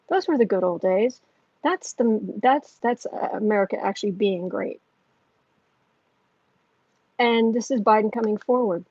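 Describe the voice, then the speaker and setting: A woman hosts a tarot livestream, her voice slightly high and unhurried with a darkish tone and no echo. She reads viewer comments and chats with them earnestly but rambles, restarting often, and the lo-fi recording sounds dull.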